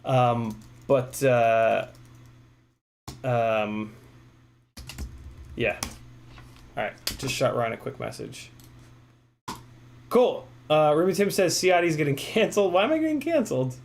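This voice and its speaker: A man hosting a casual live stream, rambling with many fillers, reading chat messages aloud, a bit hoarse from talking. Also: medium pitch, takes it slowly, long pauses, a little hiss or hum. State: losing his voice. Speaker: livestream host.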